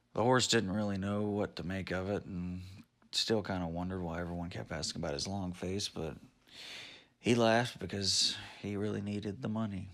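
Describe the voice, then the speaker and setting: Gravelly, low-voiced male storyteller. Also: normal speed, fairly bright tone. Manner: rambling, offhand. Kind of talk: improvised story narration. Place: at home.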